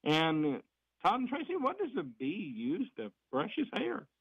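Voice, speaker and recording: A man's voice: sits high, huge pitch swings, measured pace, creaky, slight background noise. A man giving a folksy, chatty community report on a morning radio show. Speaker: fire district reporter on radio. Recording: dry, dull lo-fi radio sound.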